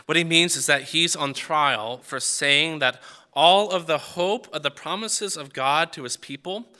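A man with a somewhat high, sharp voice preaches conversationally on a Bible passage at a measured pace. He frequently stumbles over his words and starts his sentences over.

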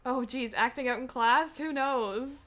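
Giggly slow-talking woman co-host. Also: high-pitched, very noisy. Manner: giggly, quick quips. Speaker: podcast co-host. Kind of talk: casual chat.

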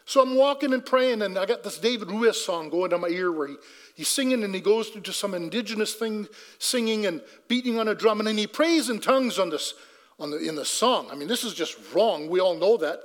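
A man's voice: sits high, brisk, long reverb tail. A man telling a personal faith story in a conversational way, acting out his own dialogue and restarting sentences. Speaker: speaker giving a personal testimony.

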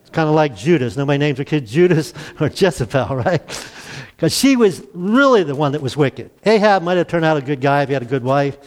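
A middle-aged male pastor retelling a Bible story in a folksy, animated sermon, acting out the quoted voices with chuckles. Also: on the high side, fairly quick.

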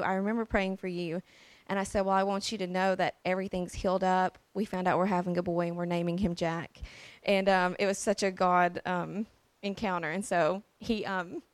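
A woman's voice: mid-range voice, no echo. A young woman telling her personal faith story in a casual, earnest way, with frequent fillers and restarts.

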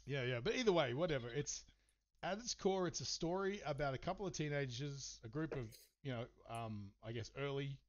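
A man's voice: a little high, lively intonation, fairly quick. A man hosting a podcast, telling a story in casual chat, swearing and rambling with lots of fillers. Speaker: podcast host. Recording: slightly dull, muffled sound.

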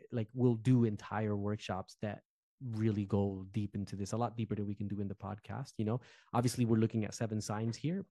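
Man, from New Jersey, podcast co-host, casual animated talk, warm dark tone, dry sound. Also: on the low side, gravelly, no room sound. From Newark, New Jersey. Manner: animated, conversational, fillers like "you know". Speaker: podcast co-host, former pastor.

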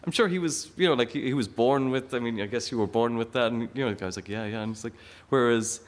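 On stage, a fast-talking Irishman with a mid-range voice delivers a funny story as a stand-up comic. Full of energy and frequent laughter, he performs the quoted voices of the characters involved.

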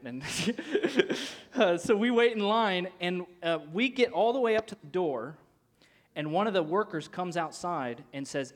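A man preaching, telling a personal story and acting out the people in it with lively swings of voice. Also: high voice, unhurried. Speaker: pastor. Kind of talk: sermon story.

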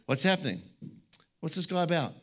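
A man's voice: a little high, fairly quick, full character voice. A man voicing a comically bewildered, incredulous God in a sermon skit. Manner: excitable, disbelieving, comic.

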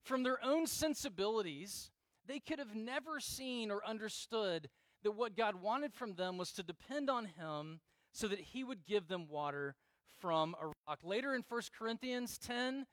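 Middle-aged male pastor, sermon, high-pitched voice, dry close sound, earnest and repetitive. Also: animated, measured pace, fairly bright tone, no echo. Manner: earnest, repeats key phrases, acts out prayers in dramatic quoted voices.

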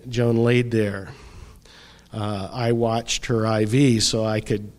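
A middle-aged man preaching a sermon, reflective and unhurried, often pausing and letting his voice drop softly. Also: fairly low pitch, level tone. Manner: slow, reflective preaching with pauses and soft drops. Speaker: pastor.

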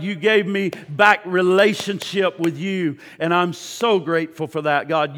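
A man preaches in a church with a high, ringing voice. His delivery is impassioned, climbing to loud, fervent peaks and then dropping to a hushed, pleading tone in prayer, and he often repeats his words as he goes. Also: in a large hall. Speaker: pastor. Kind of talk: sermon and altar prayer.

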